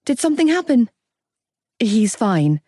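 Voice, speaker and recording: A woman's voice: fairly high pitch, very animated, unhurried, mellow, no echo. A woman voicing a heartbroken, fiercely loyal young woman close to tears in an audiobook. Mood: urgent. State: crying.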